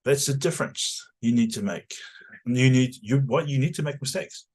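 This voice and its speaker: A man who is a trained language teacher, promoting his pronunciation course in a lively way, often tagging his points with "right?". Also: medium pitch, normal speed. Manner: animated, rhetorical "right?" tags.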